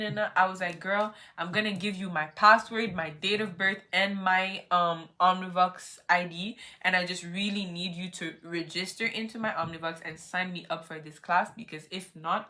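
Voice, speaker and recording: Young woman vlogger doing story time, lowish bright punchy voice, acts out her own reactions, says like a lot. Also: fairly even intonation, normal speed. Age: young adult.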